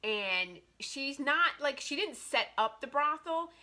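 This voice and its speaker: A woman with a high-pitched voice speaks slowly in a casual book review vlog about a romance novel. She's chatty and animated, dropping "like" heavily between her thoughts.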